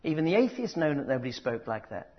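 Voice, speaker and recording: A man delivers a sermon, his voice a touch higher than most. He booms out emphatic lines, then drops to soft, drawn-out words. The recording sounds dull and lo-fi. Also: very animated, slightly rough. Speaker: preacher.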